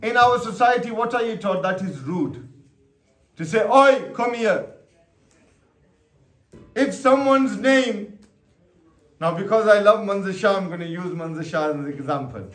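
A man's voice: high voice, normal speed. A man preaching a sermon, asking the audience questions and calling on listeners by name. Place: religious gathering hall. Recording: echoey hall.

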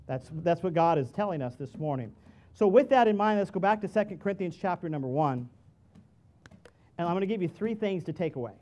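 A middle-aged pastor with a notably high voice, preaching to his church. He talks to the congregation like a friend, drops to quiet asides, then climbs to loud, emphatic peaks. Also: expressive, a little fast, lo-fi sound. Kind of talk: sermon. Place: church sanctuary.

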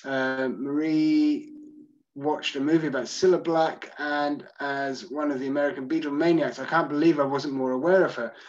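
A man's voice: on the high side, fairly even intonation, normal speed, dull audio. A man from Scotland hosting an online music tour, chatting loosely as he reads out and answers viewer comments. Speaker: host. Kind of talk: answering live chat questions.

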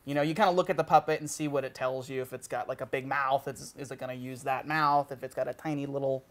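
A man's voice: medium pitch, steady tone, fast talker, a bit bright. Man puppeteer in casual chat. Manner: rambling, self-interrupting, thoughtful. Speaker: guest puppeteer.

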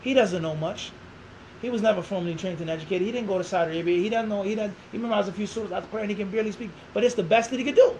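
Philly guy, fairly high voice, lectures in an interview, keeps firing questions at the room, a little hiss behind. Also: rapid-fire, rough recording. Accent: Philadelphia. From Philadelphia, USA. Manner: animated, asks the room rhetorical questions and drills points by repeating them. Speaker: interviewed Islamic teacher.

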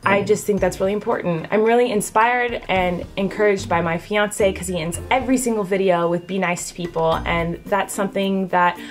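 A woman in her twenties chatting casually to camera in a vlog, bubbly and animated, with her pitch jumping up when excited. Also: normal speed, few pauses, soft background music. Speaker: vlogger.

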